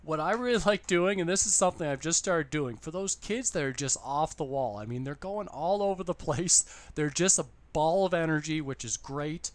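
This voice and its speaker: Man, slightly high voice, casual how-to talk to camera, upbeat and repetitive. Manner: upbeat, chatty, repeats points. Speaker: online English teacher giving tips.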